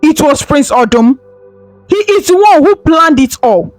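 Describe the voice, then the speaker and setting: A woman's voice: sits high, animated, a little slow, dry recording, soft background music. A woman voicing a trembling, tearful confessing woman. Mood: pleading. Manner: trembling, pleading.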